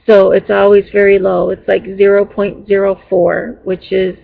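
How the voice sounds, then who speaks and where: A woman vlogger rambles through a casual story for her viewers, restarting her sentences and filling gaps with ums. Her voice has a gravelly, creaky edge, and she sounds exasperated as she retells it. The sound is dull and lo-fi, like a basic home recording. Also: medium pitch, flat delivery, moderate pace. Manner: rambling, with many fillers and restarts.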